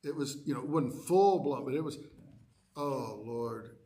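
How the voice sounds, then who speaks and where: A man with a medium-pitched voice takes his time telling a personal story to an adult education class at church. He acts out his own reactions in lively quoted asides.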